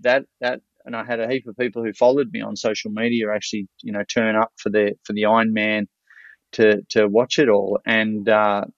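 A man's voice: on the low side, moderate pace, dry recording. An Australian man, a seminar speaker, telling stories casually, with energy, frequent swearing and many restarts. The audio is dull and lo-fi. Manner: energetic, profane, full of restarts. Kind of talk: casual storytelling.

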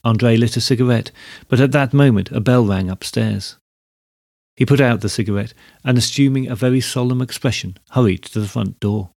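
A man reading a story aloud as narrator, in measured, even storytelling. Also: mid-range voice, gravelly, no echo, studio quality.

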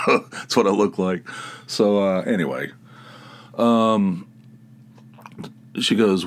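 A man's voice: lowish voice, unhurried, pauses often. A man hosting his own podcast, telling a story casually, rambling with many restarts and chuckles. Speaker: podcast host.

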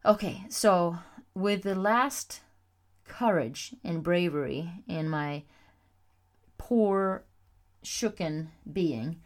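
A woman with a somewhat low-pitched voice tells a personal story on her podcast. She talks candidly and expressively, pausing often with fillers as she goes. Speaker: podcast host.

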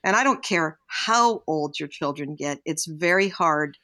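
An older woman co-hosting a casual podcast, telling parenting stories in an earnest, reflective way and brightening when she quotes people. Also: sits low, unhurried. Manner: earnest, reflective, animated when quoting others. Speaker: podcast co-host, parenting guest. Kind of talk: casual podcast chat, storytelling.

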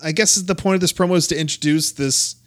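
A man's voice: fairly high pitch, fast talker, fairly bright tone, dry recording. Chatty man hosting a podcast. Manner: laughing, loose and conversational. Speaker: podcast host. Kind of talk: casual chat.

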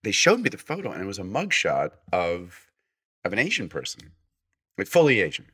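A man's bright, forward voice sits a little low in pitch as he tells a story to a host. He talks in a casual, animated way. He jumps into the voices of the people he describes and trips over restarts as he goes. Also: slightly rough. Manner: animated anecdote, acting out quoted voices; halting, with many restarts. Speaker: podcast guest.

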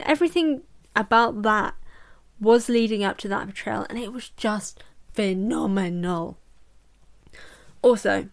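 A young woman hosting a casual book review podcast, chatty and jokey, often breaking into laughter. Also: a little high. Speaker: podcast host.

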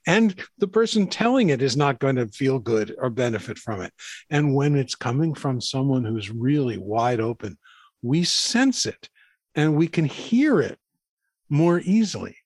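A man's voice: medium pitch, big pitch swings, measured pace, a little mellow, dry recording. A man co-hosting a podcast over a video call, talking thoughtfully and earnestly, often restarting his phrases. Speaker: podcast co-host. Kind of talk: casual conversation.

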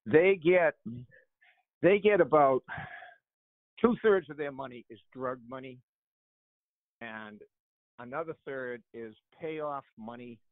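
An older man is a guest on a talk show, calling in over a tinny, phone-like line with a dry sound. He tells his stories in an animated way, often repeating words and chuckling as he goes. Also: mid-range voice, slow, pauses often, dry recording. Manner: animated, laughs while telling anecdotes, repeats words. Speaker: author and guest. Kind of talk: conversational storytelling on a radio show.

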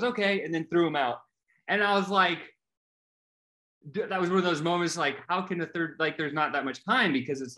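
Man, middle-aged, casual talk guest, animated delivery with many fillers. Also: a little high. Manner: animated, acts out quoted voices, many fillers. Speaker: podcast guest telling his story. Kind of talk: casual storytelling chat.

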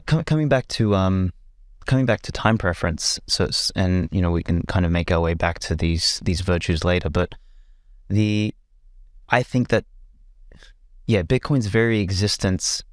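A man with a very low voice holds forth in a relaxed podcast chat. He rambles, restarts his sentences and swears casually. The sound is close and dry, with no room around it. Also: no room sound. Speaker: podcast guest.

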